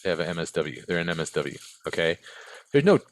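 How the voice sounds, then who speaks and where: A man's voice: low voice, sing-song, quick pace, dry recording. An American man, a former case manager, answering interview questions bluntly and candidly, often tagging on "right?" and "okay?". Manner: blunt and direct, with frequent tag questions. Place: interview room.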